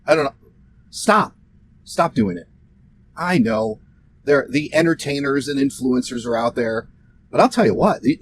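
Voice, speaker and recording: A man promoting trading software in a sarcastic, mocking rant delivered straight to camera. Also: fairly high pitch, slight background noise. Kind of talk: ranting direct-to-camera talk.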